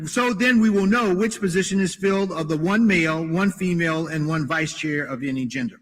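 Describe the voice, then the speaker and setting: A man reading a prepared procedural statement as a party official, formal with some halting restarts. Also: high-pitched, fairly bright tone. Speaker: party official announcing election rules. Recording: clip with long hall reverb.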